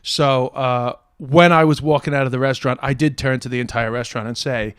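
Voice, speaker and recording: A middle-aged male comedian telling a true story to camera in a casual, animated way, restarting sentences and saying "but anyway" often. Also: mid-range voice, a little fast, clean tone, no room sound, studio quality. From United States. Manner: animated, builds to excited near-shouting at the punchline; self-correcting restarts, frequent "uh" and "but anyway".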